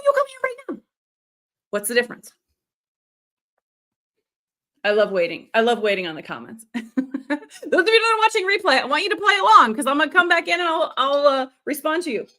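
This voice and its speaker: A middle-aged woman runs a live storytelling lesson. Her voice sits a little high and sounds bright. She keeps things animated, demonstrates voices and answers viewer comments as they come in. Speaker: storytelling coach. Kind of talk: live-streamed training.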